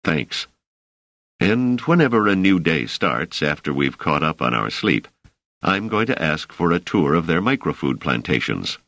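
A man's voice: extremely low pitch, very animated, measured pace, fairly bright tone, no echo, exaggerated voice. A man reading the part of a wary male scholar, dry and mildly exasperated, in an audiobook. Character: wary male scholar, a guest in a strange place.

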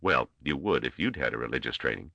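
Man reading a blunt, gruff veteran trader, extremely low voice, dry close sound. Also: expressive, fast talker, pushed and bright, no echo, dull audio, full character voice. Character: gruff seasoned male space trader.

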